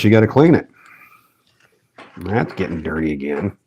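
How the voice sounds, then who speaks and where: A man's voice: low-pitched, big pitch swings, moderate pace, a little mellow, slight background noise. A man hosting a fishing channel, chatting casually while tying rigs, rambling with lots of fillers and restarts. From American South. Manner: rambling, self-deprecating, many fillers and restarts.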